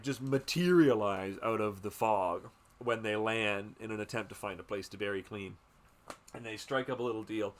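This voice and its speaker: Man, podcast host, casual film talk, rambling, lots of fillers, swears. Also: mid-range voice. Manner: rambling, with many fillers, swearing and quick asides.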